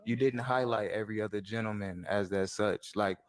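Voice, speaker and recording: A man with a lowish voice confronting someone on a show. He sounds aggrieved and trips over repeated restarts as he presses his point. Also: brisk. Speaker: reality show guest.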